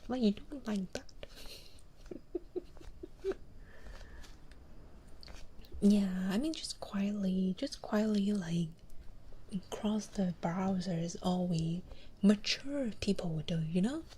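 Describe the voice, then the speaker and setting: A woman streamer chatting in a soft, breathy whisper, playful and giggly, on a close binaural mic. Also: mid-range voice, lively intonation, slow, long pauses. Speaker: ASMR streamer. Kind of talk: whispered casual chat on a live stream. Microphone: binaural and condenser studio mics. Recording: noisy stream audio with clicks.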